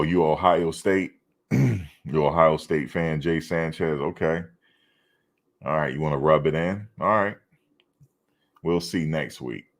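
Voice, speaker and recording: A man hosting a casual fan livestream, chatting loosely and teasing commenters. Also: extremely low pitch. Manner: laid-back, teasing chat commenters. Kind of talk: casual chat reading live comments.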